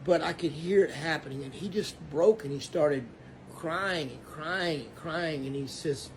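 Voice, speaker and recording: Man, earnest preachy storyteller, somewhat high voice, faint background hum. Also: unhurried. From Texas. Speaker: Christian storyteller. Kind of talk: casual testimony.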